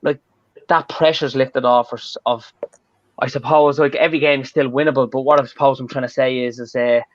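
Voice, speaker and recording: A man's voice: medium pitch, fairly even intonation, fairly quick, no room sound. A man with an Irish accent chatting casually as a football pundit, rambling and loose with many fillers. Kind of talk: casual chat. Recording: dull, dry lo-fi audio.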